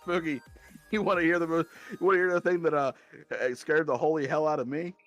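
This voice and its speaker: A man's voice: fairly high pitch, steady tone, a little fast, a bit bright, faint music behind. A man co-hosting a podcast, chatting casually and eagerly, often stumbling and repeating words as he starts sentences. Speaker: podcast co-host. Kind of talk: casual chat.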